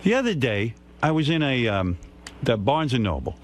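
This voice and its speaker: Blunt, lively New radio host. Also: male voice, medium pitch, moderate pace, a little hiss or hum. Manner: blunt, lecturing, animated. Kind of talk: on-air advice to a caller.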